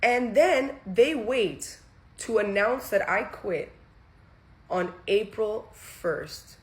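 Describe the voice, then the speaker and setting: A young woman, a former content creator, telling a story in a casual monologue, animated and profane, restarting her sentences as she goes. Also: mid-range voice, drawn-out words.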